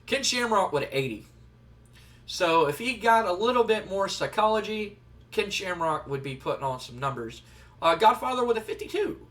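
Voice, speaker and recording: A man narrates a game session in a loose, rambling, conversational way. His voice is high and bright, and sounds set back from the mic. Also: big pitch swings, moderate pace. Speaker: let's player. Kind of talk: casual game commentary. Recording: distant from the mic.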